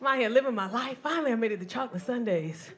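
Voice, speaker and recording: A woman in her forties doing stand-up, loud and profane as she works the crowd. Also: a little high, rapid-fire. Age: 40s. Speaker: stand-up comedian. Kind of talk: stand-up set. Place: comedy club stage. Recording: noisy live audience. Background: audience laughter.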